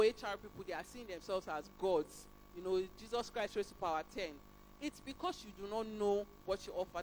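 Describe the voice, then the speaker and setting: Female HR speaker, lively and emphatic, a bit high-pitched, light background noise. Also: poor audio. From Nigeria. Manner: animated, acts out dialogues with emphatic pitch jumps. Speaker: HR specialist speaker. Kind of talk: motivational career talk. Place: career fair event.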